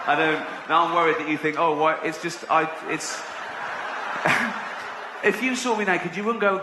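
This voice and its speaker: Brief: middle-aged English male comic, slightly high voice, self-mocking rambling, roomy live recording. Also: moderate pace, very noisy. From England. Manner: rambling, self-deprecating, breaking into laughter. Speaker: stand-up comedian. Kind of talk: stand-up comedy routine. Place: theater stage with audience.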